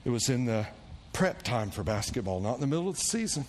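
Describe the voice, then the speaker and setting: A male pastor telling a story in a sermon, animated and acting out the voices of the people in it. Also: quick pace. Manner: animated storyteller, acting out quoted voices with big pitch jumps. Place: church sanctuary. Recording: long church reverb with faint room noise.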